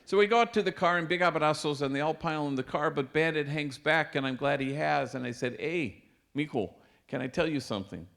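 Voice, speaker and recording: Priest, 50s, slightly gravelly voice, easygoing storyteller at a lecture. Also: male voice, on the high side, fast, hardly any pauses. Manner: warm anecdotal storytelling with Spanish phrases. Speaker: priest and speaker. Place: lecture hall.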